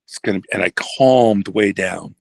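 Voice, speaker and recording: An older man, a retired pastor, telling a personal story in a halting, reflective way with many restarts. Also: fairly low pitch, creaky, a little mellow, no room sound.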